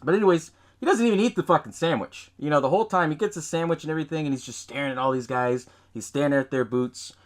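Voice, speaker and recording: A man's voice: fairly high pitch, quick pace, few pauses. A man hosting a podcast, recapping a film in loose casual chat, swearing often, laughing and acting out lines from scenes. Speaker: podcast host.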